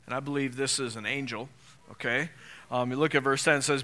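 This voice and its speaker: Here a man of medium pitch preaches at a moderate pace, his delivery bright, forceful, and clean. As the pastor, he talks with the congregation in a conversational manner, asking plenty of rhetorical questions and getting louder when he reads from scripture.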